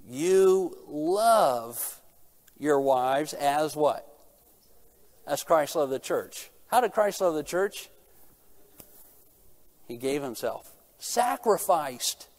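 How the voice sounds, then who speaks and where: A man's voice: on the high side, a little mellow. Earnest preacher man, rhetorical questions. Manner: asks rhetorical questions and answers them himself; earnest, rising in intensity at key points. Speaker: pastor. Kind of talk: sermon.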